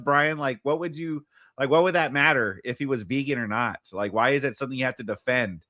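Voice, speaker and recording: A man's voice: mid-range voice, quick pace, sharp tone, dry recording. A man reacting to a livestream clip with mocking, sarcastic commentary. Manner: mocking, sarcastic, laughs often.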